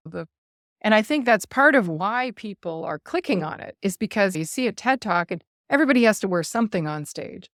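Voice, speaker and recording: A woman with a fairly low voice talks over a video call as an interview guest. She is earnest and animated and laughs now and then through her stories. The sound is dry and close, with no room around it. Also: no echo. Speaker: guest speaker. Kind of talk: casual interview chat.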